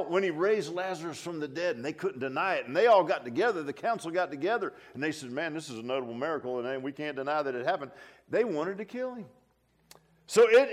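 An older man preaching a folksy, animated sermon, full of restarts and asides like "huh?". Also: sits high.

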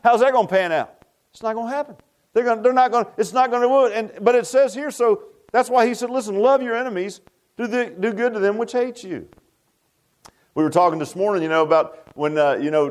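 A pastor preaches in a loose, folksy way, circling back with restarts and asides. His voice sits high for a man. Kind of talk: sermon.

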